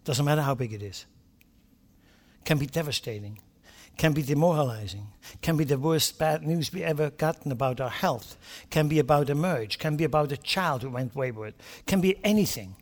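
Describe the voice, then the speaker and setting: High-voiced impassioned preacher man. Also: moderate pace, in a large hall. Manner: impassioned, swinging between quiet asides and loud emphatic bursts; talks straight to the congregation with rhetorical questions. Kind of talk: sermon.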